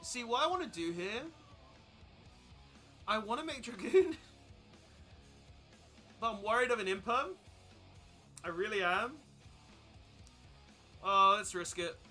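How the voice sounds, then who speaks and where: A young man chatting casually while streaming a card game, rambling and breaking into loud excited outbursts. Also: sits high, slow pace, pauses often, soft background music. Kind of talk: casual live-stream commentary while playing.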